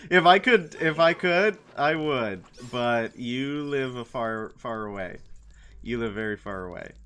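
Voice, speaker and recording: A man's voice: mid-range voice, expressive, takes it slowly, a bit bright, clean tone. A man casually chatting while streaming a video game, rambling and playful, slipping into silly voices. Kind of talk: casual gameplay commentary.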